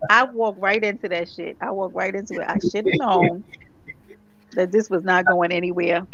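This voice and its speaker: A woman's voice: fairly low pitch, dull audio. Chatty New York woman vlogger. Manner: chatty, animated, quick asides and laughs. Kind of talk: casual chat.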